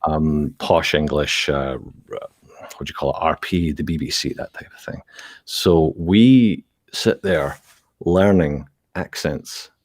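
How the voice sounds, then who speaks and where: A Scottish man with a very low, deep voice talks through a casual chat, explaining things with examples and laughing easily. His voice is recorded close and dry, with no room sound. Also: steady tone, a little slow, no room sound. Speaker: guest ASMR creator.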